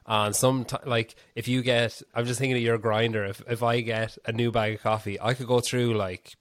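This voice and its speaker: A man's voice: medium pitch, little pitch movement, fairly quick, no echo. A young man in casual chat, chatty and self-deprecating.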